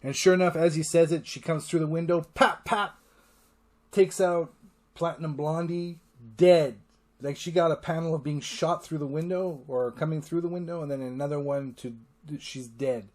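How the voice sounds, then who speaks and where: A man's voice: a little high, fairly even intonation, darkish tone. A man hosting a casual solo podcast, rambling with enthusiasm and swearing freely. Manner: enthusiastic, profane, rambling retelling; acts out character lines in quick voices. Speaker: podcast host.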